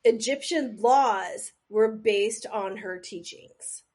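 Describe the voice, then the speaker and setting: Speaking slowly in a medium-pitched, darkish voice, a podcast co-host runs a quiz during casual chat. She rambles, pokes fun at herself and throws in jokey asides, now and then pulling back from the mic.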